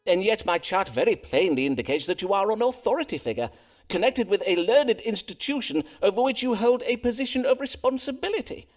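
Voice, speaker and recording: A dramatic old-time astrologer, animated high voice, archaic speech. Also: male voice, fairly quick, soft background music. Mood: grave. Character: Elizabethan astrologer doctor, proud and dramatic.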